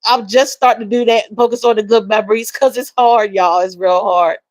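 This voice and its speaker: Woman livestream host, warm and emotional, addresses chat directly, dry close recording, mid voice. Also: medium pitch, fairly even intonation, a little fast, no room sound, rough recording. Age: adult with a young daughter. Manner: emotional, soft-spoken, repeats phrases, addresses viewers as y'all and baby. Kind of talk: casual livestream chat reading comments.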